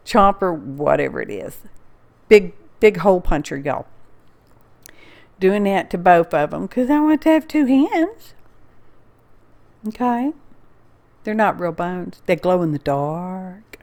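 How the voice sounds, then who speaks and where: A woman's voice: on the low side, very animated, slow pace, pauses often, darkish tone. Chatty woman crafting at home. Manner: chatty, rambling, self-correcting, folksy. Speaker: crafter narrating a project. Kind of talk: casual craft voice-over.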